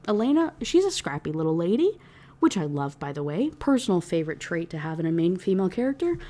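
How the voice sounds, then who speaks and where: A woman's voice: on the low side, warm tone. A young woman giving a casual, exasperated book review rant, swearing freely and filling her talk with "like". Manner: exasperated, profane, heavy use of "like".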